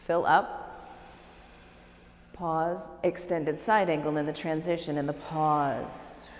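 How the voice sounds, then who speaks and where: A woman, a yoga teacher leading a live class with slow, calm cues and encouraging asides. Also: sits low, slight background noise. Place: yoga studio, large room. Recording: echoey studio recorded live from a distance.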